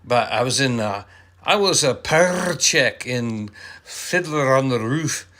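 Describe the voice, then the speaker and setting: A man's voice: medium pitch, lively intonation, takes it slowly, fairly bright tone. A man in his sixties co-hosting a casual live chat, joking and rambling in a put-on Scottish brogue, picked up on a handheld phone. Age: 60s. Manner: joking, rambling, playful impressions. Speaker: live stream co-host.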